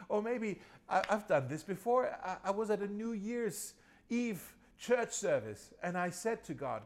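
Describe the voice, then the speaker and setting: Guy pastor with a higher voice, chatty sermon, repeats himself a lot, little self-laughs. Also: animated, measured pace. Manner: conversational, repeats key phrases, chuckles at himself.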